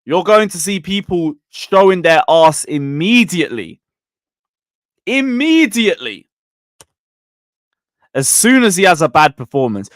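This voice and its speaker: Excitable streamer with a lively voice. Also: male voice, a little high, moderate pace, dry recording, clean studio sound. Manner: excitable, mocking banter. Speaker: streamer hosting a live football chat. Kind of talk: live-stream football chat reading super chats.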